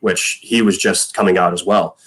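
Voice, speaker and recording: Man, thirties, very low voice, podcast guest, casual storytelling, lots of fillers, acts out quotes. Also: fairly even intonation, normal speed, fairly bright tone, slightly rough. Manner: rambling, frequent fillers, acts out quoted lines. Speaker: podcast guest, former punter.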